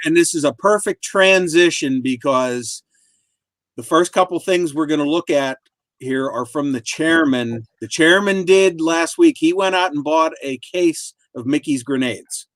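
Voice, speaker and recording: Male co-host, casual rambling storyteller, slightly raised pitch. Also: fairly bright tone, no room sound. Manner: rambling recounting with filler pauses. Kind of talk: casual chat. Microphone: video call.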